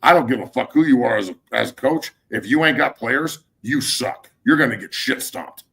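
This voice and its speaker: Gravelly, profane, fired-up male sports host. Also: medium pitch, animated, moderate pace, fairly bright tone. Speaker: podcast host. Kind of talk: heated sports talk.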